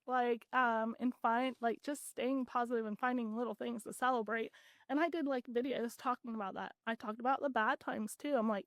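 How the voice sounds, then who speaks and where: A woman's voice: on the high side, brisk, no echo. A woman guest on a podcast, earnestly retelling her story in casual talk with lots of "like"s. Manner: earnest, animated retelling with many "like"s.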